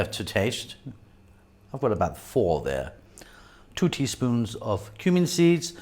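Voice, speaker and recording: Very deep-voiced London man teaching a recipe. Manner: calm, step-by-step instructions. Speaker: cooking channel host. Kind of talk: recipe demonstration.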